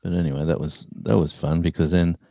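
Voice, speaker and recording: A man's voice: low voice, flat delivery, a little fast, gravelly, mellow, no room sound. An older Australian man from New South Wales co-hosting a casual live stream, rambling and correcting himself as he chats. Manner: rambling, self-correcting, chatty storytelling. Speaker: livestream co-host.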